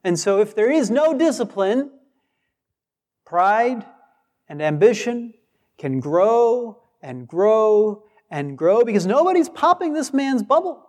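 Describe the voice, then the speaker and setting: Male preacher, unhurried and emphatic, lingering reverb of a large hall. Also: high voice, big pitch swings, darkish tone. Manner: emphatic, acts out quoted replies. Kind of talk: sermon.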